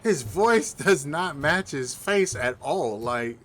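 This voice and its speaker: A man's voice: fairly high pitch, expressive, slow, a bit bright, slight background noise. A man hosting a video game walkthrough, chatting casually in a laid-back, rambling way with lots of fillers. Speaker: gaming channel host. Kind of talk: casual gameplay commentary.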